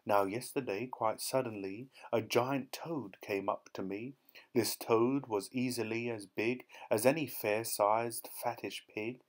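A man reads a storybook aloud in rhyming verse, keeping a lively, bouncing rhythm. His voice sits at an ordinary middle pitch for a man. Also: measured pace. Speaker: audiobook narrator.

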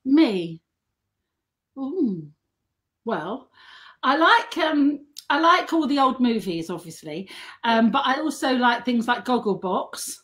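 A middle-aged woman telling self-mocking anecdotes in a casual chat, chatty and quick to laugh. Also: on the high side, sing-song, fairly bright tone. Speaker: guest and model.

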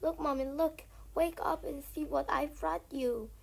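A woman voicing an excited young male fox cub from a storybook, breathless and loud. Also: sits high, a little slow, gravelly.

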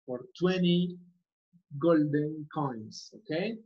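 A woman's voice: low-pitched, slow pace, mellow. A woman English teacher giving a class, repeating words and often asking "okay?" to check understanding. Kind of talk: online class instruction. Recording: muffled lo-fi audio.

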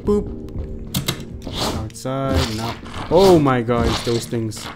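Casting: man, gaming YouTuber, playful and jokey, mid-pitched, over loud game music. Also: expressive, slow, long pauses. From South Africa. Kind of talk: let's play commentary.

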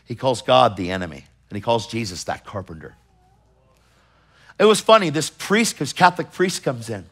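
A middle-aged man preaching a sermon with emphatic urgency, swinging between loud pushes and hushed asides and acting out the voices of people in his stories. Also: mid-range voice, very animated, normal speed, husky. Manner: acts out others in quoted voices while storytelling.

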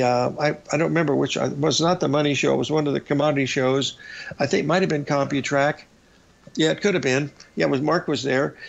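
A man's voice: on the high side, gravelly. An older man hosting a trading talk show, telling rambling anecdotes with restarts and acting out the lines of the people in his stories. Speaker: radio show host and trading educator. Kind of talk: casual storytelling on a talk show. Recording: dull, lo-fi broadcast audio.

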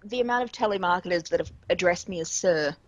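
A woman co-hosting a casual gaming podcast, laughing often and tossing in quick playful remarks. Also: lowish voice, no room sound. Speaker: podcast co-host.

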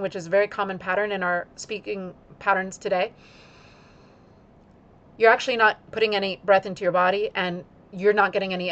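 This yoga instructor, a woman, talks at a medium pitch. Her phrasing is unhurried and careful, timed with each breath throughout the instructional video.

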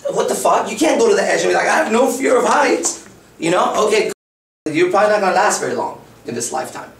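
A man's voice: high voice, lively intonation, quick pace, vocal fry, fairly bright tone. Guy in his 30s lecturing live, swears a lot, talks straight, echoey room, faint hiss behind. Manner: blunt, profane, conversational. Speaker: dating coach. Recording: roomy, far from the mic.

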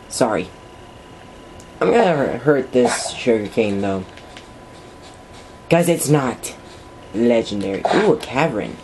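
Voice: lively intonation, takes it slowly, pauses often, slight background noise. Giggly rambling let's play gamer. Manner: giggly, rambling and apologetic, with sudden high yelps. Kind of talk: casual gameplay commentary.

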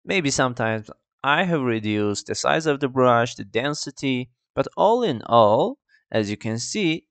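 A man walking through a 3D software tutorial, with a casual "I mean" and "let's just" as he goes. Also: medium pitch, vocal fry, no room sound. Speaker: 3D tutorial creator. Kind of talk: screen-recorded software tutorial.

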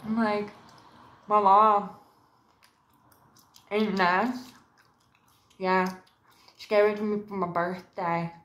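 Slowly and with frequent pauses, a woman with a medium-pitched, steady voice rambles to camera from her home, cursing, jumping between subjects, and adopting silly voices in quotes for her vlog.

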